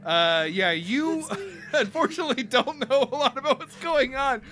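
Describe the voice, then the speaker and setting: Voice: high voice, lively intonation, normal speed, loud music behind the voice. A game master narrating a tabletop game for friends, often breaking into laughter.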